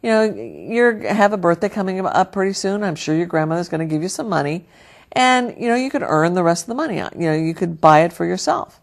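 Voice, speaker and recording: A practical mom explains things plainly and sensibly, in a fairly low voice, as a woman acts her out. She talks quickly in places, in an everyday tone. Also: big pitch swings. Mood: explaining. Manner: matter-of-fact, explaining. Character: reasonable, practical mother.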